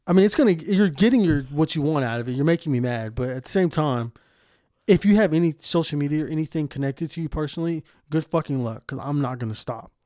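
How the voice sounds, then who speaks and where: A man in a casual podcast chat, a bit high for a man. He rants with heavy profanity and breaks into laughter often. The sound is close and dry, with no room around it. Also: lively intonation, fast, mellow, no room sound. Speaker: podcast host.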